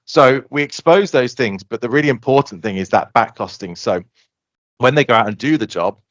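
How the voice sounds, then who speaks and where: A man, a guest on a podcast, explaining his software eagerly and acting out customers' lines. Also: medium pitch, dry recording. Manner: fast, animated explaining, acts out customer quotes. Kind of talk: casual podcast interview.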